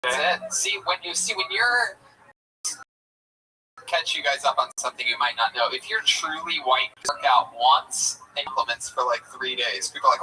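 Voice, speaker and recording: A man's voice: mid-range voice, lively intonation, normal speed, sharp tone, far from the mic, slight background noise, poor audio. A man hosting a live comedy show, bringing up a comic and ribbing him with jokey hype.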